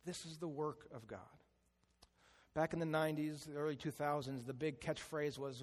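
A man delivers a sermon as a pastor, his voice sitting a little high for a man. He leans into a slow, hushed delivery when he stresses a point. A long reverb from the hall trails after every phrase. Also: fairly even intonation.

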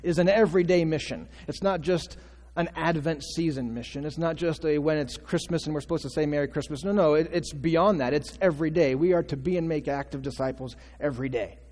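A man's voice: on the high side, brisk, hardly any pauses, a little mellow. Man preaching in a reverberant church. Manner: conversational preaching with rhetorical questions and acted quotes. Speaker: pastor. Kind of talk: sermon. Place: church sanctuary.

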